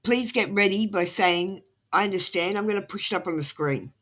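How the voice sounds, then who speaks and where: A woman's voice: mid-range voice, normal speed, fairly bright tone. An Australian woman on a live stream giving tarot readings, talking in a rambling, apologetic way with lots of ums. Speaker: tarot reader. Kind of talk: casual live-stream chat.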